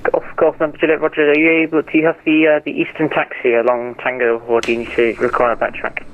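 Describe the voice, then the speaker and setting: A man working as an air traffic controller, giving procedural clearances over the radio. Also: fairly high pitch, completely flat delivery. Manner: quick procedural radio phrasing. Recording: tinny radio over a narrow band.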